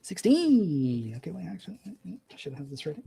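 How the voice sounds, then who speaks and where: Husky-voiced man running a tabletop game. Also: fairly high pitch, big pitch swings, moderate pace, warm tone, low-quality recording. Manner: casual, filler-heavy narration. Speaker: game master.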